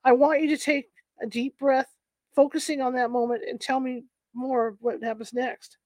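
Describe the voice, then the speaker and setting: A woman reading the part of a male doctor hypnotist, asking slow, calm, soothing questions. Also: sits high, no room sound, close to an everyday voice.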